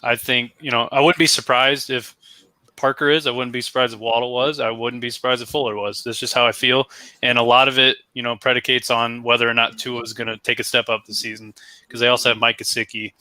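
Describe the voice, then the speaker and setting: A man co-hosting a casual sports podcast, thinking out loud and correcting himself as he talks through his draft picks. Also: mid-range voice, level tone, fairly quick, dry recording. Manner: conversational, thinks aloud, self-correcting. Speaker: podcast co-host.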